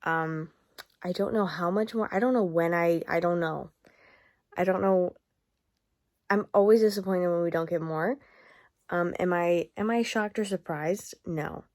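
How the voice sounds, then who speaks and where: A woman's voice: on the low side, a little slow, long pauses, darkish tone, dry recording. A young woman vlogging about a book in a casual video diary, rambling and gushing with lots of fillers and restarts.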